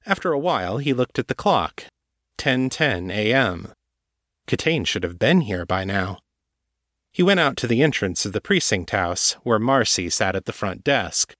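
A man narrating a novel in a measured, steady reading voice. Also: on the low side, dry recording, studio quality. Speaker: audiobook narrator. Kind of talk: scripted narration.

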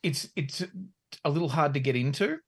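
A woman's voice: low voice, normal speed, slightly rough. A woman co-hosting a podcast in casual chat, rambling, swearing freely and laughing often. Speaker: podcast co-host.

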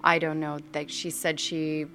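A woman's voice: low voice, level tone, measured pace, sharp tone. A middle-aged woman, a yoga teacher, chatting casually as a podcast guest and laughing easily. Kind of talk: casual chat.

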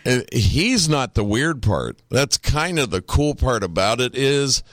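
This podcast co-host chats casually in a laid-back way, swearing freely. His mid-range voice is very animated, a little slow, and fairly bright, captured in a dry, studio-quality recording.

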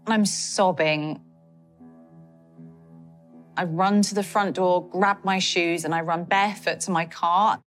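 A woman recounting a personal ordeal in an interview, her voice a little low. She speaks haltingly, with many fillers and emotional strain. Soft music plays quietly beneath her. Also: fairly even intonation.

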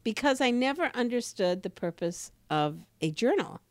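A woman co-hosting a podcast, telling stories in a lively, emphatic way with sudden rises in her voice. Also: moderate pace, no room sound. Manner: animated storyteller, emphatic rises in pitch. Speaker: podcast co-host. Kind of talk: casual podcast conversation.

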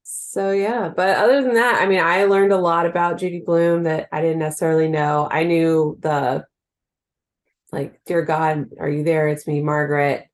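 A woman's voice: sits low, fairly even intonation, normal speed. A woman co-hosting a podcast in casual chat, talking freely and laughing easily. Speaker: podcast co-host.

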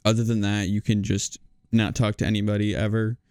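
A man's voice: on the low side, level tone, brisk, darkish tone, clean tone, dry recording, studio quality. A male medical student explaining house rules in a friendly, plain way. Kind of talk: casual explanation.

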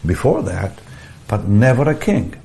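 An older man telling a personal story in an interview, animated, often repeating words, restarting phrases and chuckling. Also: lowish voice, unhurried, slight background noise. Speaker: evangelist guest telling a story.

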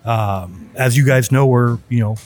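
A man answers questions as a guest in a casual interview. He talks slowly into his point, with frequent fillers and restarts, in a middle-pitched voice. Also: darkish tone. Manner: hesitant, many you-knows. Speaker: guest, service manager.

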